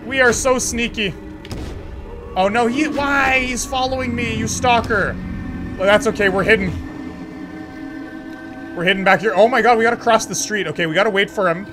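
A man commenting on a horror game as he plays, excitable and joking, talking back to the screen. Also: high voice, moderate pace, pauses often, over music. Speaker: gaming channel host. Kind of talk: let's play commentary.

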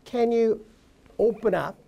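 Slow, creaky and warm, with a husky voice on the high side, a woman teaches a violin masterclass as violin playing goes on behind her. She coaches her student in brief, encouraging phrases and hums and sings passages to show how they go. The highs are cut off in the recording.

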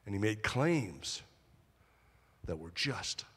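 Man, pastor, lively sermon delivery, bright slightly husky voice, long church reverb. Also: fairly low pitch, slow. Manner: animated preaching with call-and-response. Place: church auditorium.

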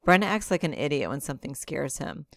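Woman teacher reading a novel aloud to class, low voice with a gravelly edge, steady delivery. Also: a little fast, no echo, clean studio sound. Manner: steady, plain narration.

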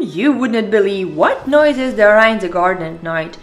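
A woman with a Russian accent, a channel host reading a children's picture book aloud with expressive storytelling. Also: fairly high pitch, faint music behind. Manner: slow, expressive storytelling with sound effects.

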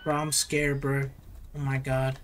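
A woman's voice: a bass voice, level tone, measured pace. A woman narrating her own horror game play, nervous and pleading, talking in slang. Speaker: gamer. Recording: noisy recording.

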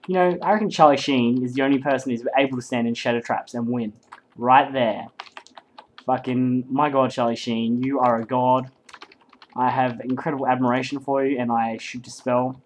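Excitable, foul-mouthed game caster. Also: male voice, mid-range voice, a little hiss or hum, rough recording. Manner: excitable, heavy swearing, rambling. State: hyped up and sleep-deprived. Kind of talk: live game commentary.

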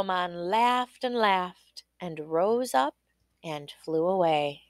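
Woman storyteller for a children's tale, unhurried and very animated, dry close sound. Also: fairly low pitch, no room sound. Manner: lively, expressive reading. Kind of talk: storybook read-aloud narration.

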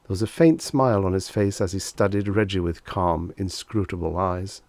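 A man with a deep, low voice reads a vintage short story aloud at an even storytelling pace. The sound is dry and close, with no music behind him. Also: normal speed, dry recording. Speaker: audiobook narrator.

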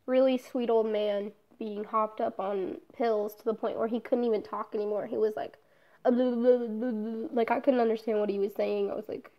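Young woman venting on a vlog, kinda high voice, swears a lot, dull phone mic sound. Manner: candid, swears often, trails off with fillers. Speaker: vlogger. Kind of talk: casual personal vlog.

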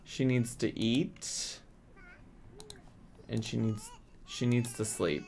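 A man's voice: medium pitch, fairly even intonation, slow, creaky, darkish tone, a little hiss or hum. A man hosting a casual let's-play from his apartment, chatting playfully and bossing his game characters around. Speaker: gaming channel host. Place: home apartment.

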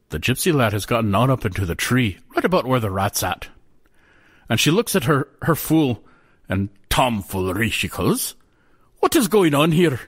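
A man telling a folk tale in a folksy, animated way. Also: mid-range voice, breathy edge. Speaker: storyteller.

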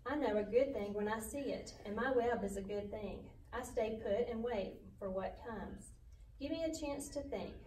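A woman voicing a calm, wise female spider who reassures and instructs in a storybook reading. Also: fairly high pitch, normal speed, reverberant, recorded from a distance, slight background noise, natural voice, poor audio. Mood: musing.

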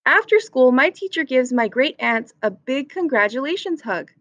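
High-voiced teacher reading a picture book. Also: female voice, expressive, moderate pace, fairly bright tone, no room sound, lo-fi sound. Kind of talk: children's picture-book read-aloud.

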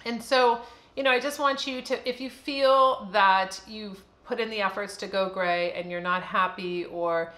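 A woman's voice: mid-range voice, steady tone, a little slow, bright, forceful tone, roomy sound. A woman in her fifties talking candidly and casually to camera as a beauty vlogger, chatty and full of fillers.

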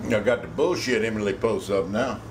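A man's voice: fairly low pitch, fairly quick, noisy background. A man with a Louisiana Cajun accent hosting a home cooking video, folksy and joking, swearing freely as he works. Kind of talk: casual cooking demonstration.

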